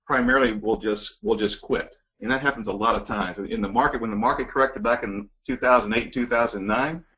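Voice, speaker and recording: A man who works as a loan officer, speaking in a reflective, measured way in a casual business conversation. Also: lowish voice, sharp tone. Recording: dull lo-fi.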